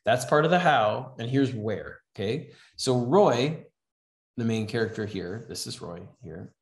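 A man's voice: mid-range voice, expressive, a little slow. A man teaching a writing class in a casual, conversational way, often checking in with "right?". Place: class in a house. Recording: echoey room.

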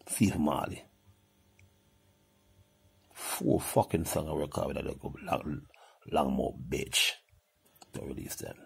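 An older man with a Jamaican accent in a heated, profane, animated rant that jumps between topics. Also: extremely low pitch, creaky, slightly rough.

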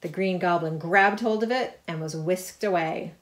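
A middle-aged woman with a fairly low voice reads her picture book aloud to children. She is lively and chatty, breaking off to point out the pictures. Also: moderate pace, a little hiss or hum. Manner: lively reading, chatty asides about the pictures. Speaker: author reading her book. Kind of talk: storybook read-aloud.

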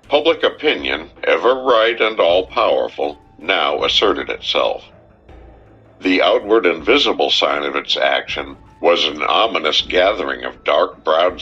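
Deep, husky-voiced man narrating slowly. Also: sharp tone, lo-fi sound. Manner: measured, dramatic storytelling. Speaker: audiobook narrator. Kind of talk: scripted narration.

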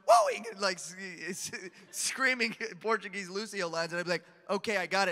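A man on a convention panel, telling animated stories and laughing often as he answers questions. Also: high voice. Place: large convention hall. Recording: echoey hall reverb.

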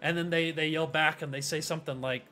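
A man's voice: fairly high pitch, steady tone, fast talker, sharp tone, soft background music. A man narrating as game master for a tabletop game, rambling loosely with hedges.

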